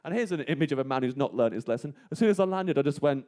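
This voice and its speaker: A man on a radio show, telling a long comic anecdote in casual chat and going quiet when he quotes people. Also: on the high side, lively intonation, very fast. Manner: rambling storyteller, quiet when quoting people. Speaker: comedian telling a story. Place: radio studio. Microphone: studio microphone.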